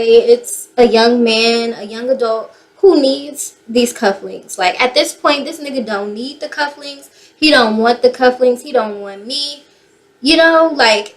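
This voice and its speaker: A young woman from the Bay Area telling a personal story in a casual, animated way, swearing freely. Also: high-pitched. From San Francisco Bay Area. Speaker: vlogger.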